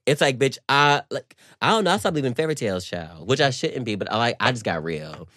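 A young man co-hosting a podcast, telling a story in an animated, slangy, swearing way. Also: medium pitch, fast, dry recording, clean studio sound. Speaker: podcast co-host. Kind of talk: casual chat.

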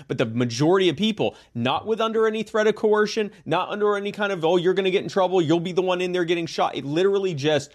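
A man's voice: on the high side, fast, hardly any pauses. A man hosting a casual podcast, making his point earnestly and often repeating words as he builds it. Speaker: podcast host.

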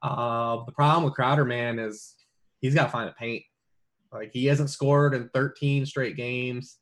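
A man's voice: medium pitch, fairly even intonation, measured pace, fairly bright tone. A man talking through fantasy football picks in a casual podcast chat, with lots of fillers and restarts. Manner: rambling, many fillers and restarts.

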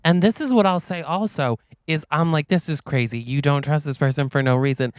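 A man co-hosting a podcast in casual chat, wry and self-deprecating with quick asides. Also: fairly high pitch, smooth, dry recording, clean studio sound. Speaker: podcast co-host.

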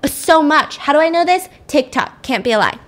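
A woman's voice: sits high, lively intonation, moderate pace, fairly bright tone. A young woman hosting a podcast, telling a story in a chatty, slangy way and swearing casually. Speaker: podcast host.

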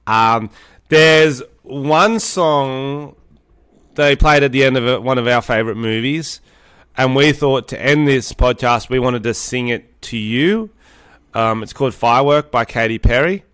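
A man's voice: medium pitch, a little slow, a bit bright, smooth, no room sound, clean studio sound. Joking, swearing man on a podcast. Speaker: podcast co-host. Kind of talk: casual podcast banter.

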